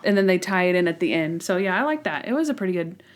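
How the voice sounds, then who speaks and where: A woman co-hosting a podcast, chatting casually and retelling scenes in an animated way. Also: lowish voice, quick pace. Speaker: podcast co-host. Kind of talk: casual chat.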